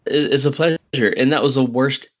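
An excitable man hosts a podcast interview, rambling through his questions and laughing often. His voice sits at an ordinary middle pitch. The sound is dull and lo-fi, like remote call audio. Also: a little fast. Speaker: podcast host. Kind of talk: casual interview chat.

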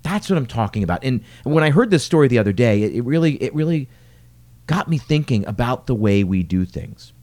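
A man's voice: medium pitch, sing-song, a little fast, a little mellow. A middle-aged man who runs restaurants, talking alone in an earnest podcast monologue full of rhetorical questions. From lives in New York City.

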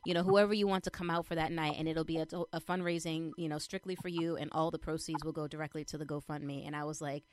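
A young adult woman chatting casually as she shares a personal update, retelling things in an animated way with lots of fillers. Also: low-pitched, fast talker, hardly any pauses. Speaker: vlogger sharing a personal update. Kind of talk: casual chat.

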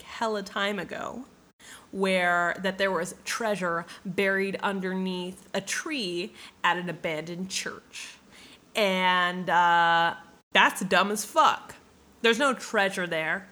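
A woman voicing a crude, scornful male thief who mocks slowly and swears. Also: lowish voice, sharp tone. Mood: mocking. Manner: crude, sneering, slow mocking delivery.

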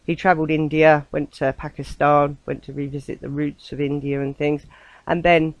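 A woman's voice: low-pitched, flat delivery, normal speed, no echo, rough recording. A woman An English woman hosting a spiritual talk show, speaking in a loose, chatty ramble full of fillers. Her voice is close and dry, with no room sound. She breaks into easy laughter. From England. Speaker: host. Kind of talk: casual rambling radio monologue.

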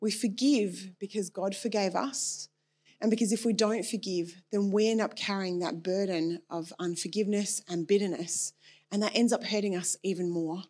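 A woman's voice: mid-range voice, steady tone, moderate pace, a little mellow. Earnest woman preaching a personal sermon.

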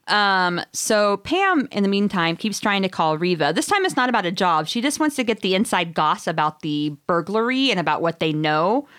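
Animated woman recapping a story. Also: fairly low pitch, smooth, no room sound, clean studio sound. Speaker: podcast host recapping a book. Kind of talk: casual chat.

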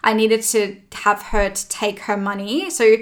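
A woman's voice: mid-range voice, level tone, unhurried. A woman hosting a casual chat, telling a personal story candidly, with emphatic swearing. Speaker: podcast host.

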